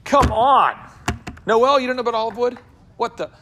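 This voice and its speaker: A man with a high, lively voice hosts a business talk, tossing jokes and questions at the people around him. His delivery is animated, full of quick asides. A faint hiss sits under the recording. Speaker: business coach and show host. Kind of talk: lively talk to a live room.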